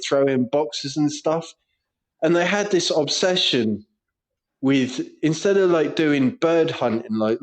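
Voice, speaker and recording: A man co-hosting a chatty podcast, his voice sitting a little high for a man. He rambles through crude anecdotes and keeps breaking into laughter. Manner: laughs a lot while telling crude stories. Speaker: podcast co-host. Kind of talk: casual storytelling banter.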